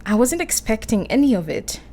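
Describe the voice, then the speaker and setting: A woman playing a young English lady in a radio play, girlish and breathless, her voice sitting a touch high. She sounds easily flustered and quick to feel. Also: sing-song, warm tone. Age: young adult.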